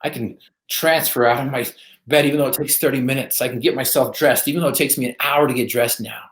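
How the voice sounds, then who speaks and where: An earnest man tells a motivational story with steady emphasis. His voice sits at an ordinary pitch. The recording carries a noticeable roomy echo. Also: fast. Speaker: podcast guest.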